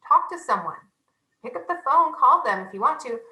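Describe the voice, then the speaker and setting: A young woman giving a casual, animated sales training talk, chatty and self-deprecating. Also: sits high, a little fast, roomy sound, rough recording.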